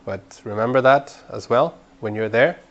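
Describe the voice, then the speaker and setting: A man teaching a training class in an earnest way, repeating words as he builds a point and growing animated when he urges people on. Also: medium pitch, moderate pace, muffled recording. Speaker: Bible study trainer.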